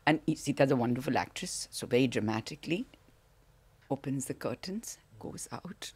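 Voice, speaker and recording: A woman's voice: rumbling low, normal speed, slightly rough. An older woman with an Indian English accent, telling a theatre story as an interview guest, acting out the voices and laughing often. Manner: animated, acts out the voices in her anecdotes, laughs often.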